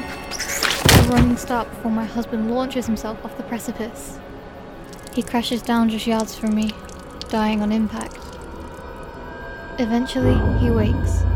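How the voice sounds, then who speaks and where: A woman with a fairly high voice tells a first-person horror tale in a tense, dramatic way. Clear music plays under her narration throughout. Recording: music bed behind the voice.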